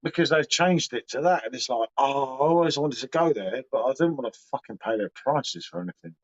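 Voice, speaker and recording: A man's voice: mid-range voice, fairly quick, husky. A man chatting casually on a beer livestream, sweary and laddish in his banter. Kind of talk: casual chat. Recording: muffled lo-fi livestream audio.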